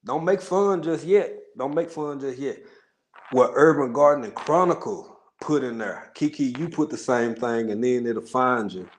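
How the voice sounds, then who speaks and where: A livestream host from Texas, speaking with a Texan accent, keeps things casual with his viewers, joking, laughing often and rambling through asides. He talks in a mid-range voice at a normal speed.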